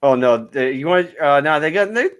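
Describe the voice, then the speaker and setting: A man from Florida chats casually as a stream co-host, swearing freely and laughing often. His voice sits slightly high for a man. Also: moderate pace, a bit bright, clear, resonant tone. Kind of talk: casual chat.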